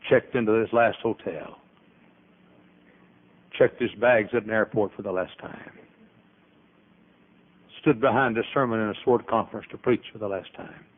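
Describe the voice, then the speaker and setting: An older man preaching a sermon as pastor, emphatic, with sudden loud rises and trailing, dropped endings. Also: mid-range voice. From American. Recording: tinny phone-like archival audio.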